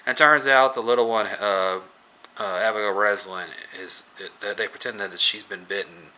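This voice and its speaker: A man casually recapping a movie scene by scene, rambling and halting with many filler words. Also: fairly low pitch, steady tone, sharp tone, slight background noise. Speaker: movie reviewer.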